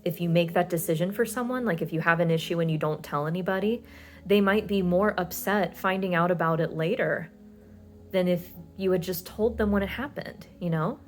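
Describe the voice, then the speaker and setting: A woman's voice: fairly low pitch, brisk, faint music behind. A woman giving a pick-a-card tarot reading, talking in a soothing, reassuring way with many fillers.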